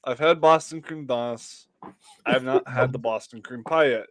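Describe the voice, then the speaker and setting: A young man in casual group chat, animated and quick to laugh, swearing now and then. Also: mid-range voice.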